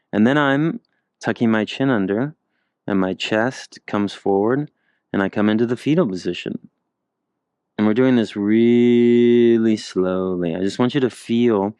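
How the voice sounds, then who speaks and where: A male movement instructor guiding slow floor exercises, cracking self-mocking jokes between cues. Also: lowish voice, no room sound. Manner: joking, self-mocking asides while demonstrating. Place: indoors on the floor. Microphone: handheld or clip mic he keeps moving.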